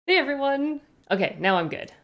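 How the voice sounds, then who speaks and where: A woman's voice: high-pitched, very animated, fairly quick, highs cut off. A woman streamer chatting casually on a live stream, greeting viewers one by one with rambling asides.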